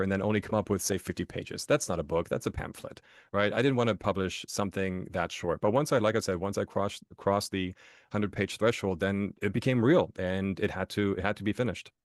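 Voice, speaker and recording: A man's voice: low voice, steady tone, a little fast, no room sound, studio quality. A man from Germany, a podcast guest and author, telling stories in a casual interview, often restarting phrases and checking in with "right?".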